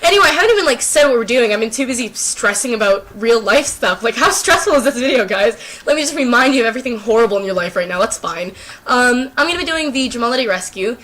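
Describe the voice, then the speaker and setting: A woman's voice: on the high side, expressive, fast, a bit bright. A teenage girl with a sore throat, chatting casually and rambling to the camera, self-deprecating and full of fillers. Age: teens. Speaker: YouTuber. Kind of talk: casual unscripted chat to camera.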